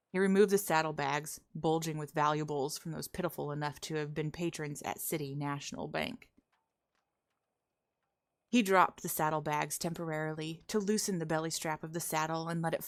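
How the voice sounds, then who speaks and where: Low-voiced woman, relaxed streamer. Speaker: roleplay streamer. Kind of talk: casual streaming chat and story reading.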